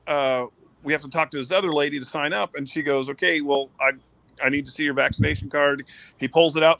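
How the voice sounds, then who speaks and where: A man in his thirties spins a rambling, profane story in a slightly high voice. He bounces through it, acting out the other people's lines as he goes. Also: no room sound, rough recording. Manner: animated, swearing, acts out quotes. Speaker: guest, former pitcher. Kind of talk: casual storytelling.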